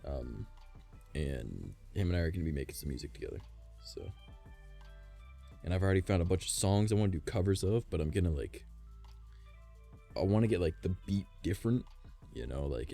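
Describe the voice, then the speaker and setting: A man's voice: sits low, expressive, fairly quick, creaky, long pauses, mellow. A man streaming casually, rambling and swearing with a strained, worn voice, faint music behind him. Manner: rambling, profane, laughs often. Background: faint background music.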